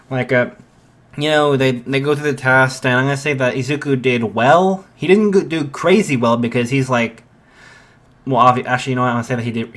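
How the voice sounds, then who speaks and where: A man's voice: medium pitch, fairly bright tone. Young man, casual storyteller, rambling, fillers and restarts. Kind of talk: casual fan story retelling.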